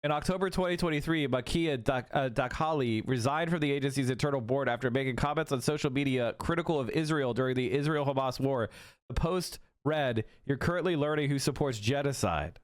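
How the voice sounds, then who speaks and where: A man's voice: mid-range voice, fairly quick, no room sound. A man on a live stream reading an article aloud to his chat, casual, with small slips and restarts.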